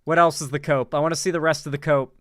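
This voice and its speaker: A man's voice: a little high, steady tone, quick pace, fairly bright tone, no room sound. A man hosting casual political commentary, sarcastic and rambling with lots of filler words. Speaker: host. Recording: dry close-miked room.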